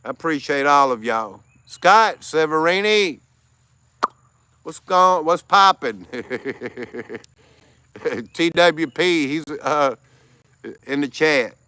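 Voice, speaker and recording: A man's voice: fairly high pitch, lively intonation, very slow, pauses often, pushed and bright, smooth, no echo. A tired American man hosting a casual livestream, greeting chat viewers by name and laughing often. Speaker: livestream host.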